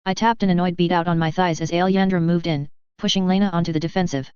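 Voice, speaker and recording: Woman narrator, first-person story, even measured reading, very smooth voice, dry lo-fi recording. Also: on the low side, no echo. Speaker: audiobook reader.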